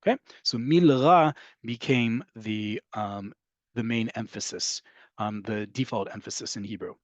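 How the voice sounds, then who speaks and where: A man's voice: lowish voice, unhurried, no echo. A man teaching an online class, explaining steadily and often checking in with "right?" and "okay?". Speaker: Hebrew teacher.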